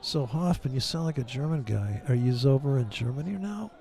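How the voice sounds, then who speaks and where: A man's voice: mid-range voice, lively intonation, brisk, dark tone. A man hosting a casual trading stream, rambling and mocking in a profane, joking way. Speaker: livestream trading host. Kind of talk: casual ranting chat with viewers.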